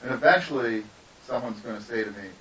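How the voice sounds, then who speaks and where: A man's voice: mid-range voice, expressive, fast talker, fairly bright tone. A man, a guest artist, telling rambling, profane stories in a casual podcast interview. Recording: distant, dull lo-fi mic with faint hiss.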